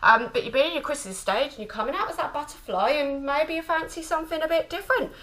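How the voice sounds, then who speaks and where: A woman's voice: sits high, fast, fairly bright tone, poor audio. A woman giving a chatty spiritual card reading to camera, affectionate and given to laughter. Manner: chatty and affectionate, repeats "my lovelies" and "okay?", laughs often. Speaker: tarot card reader.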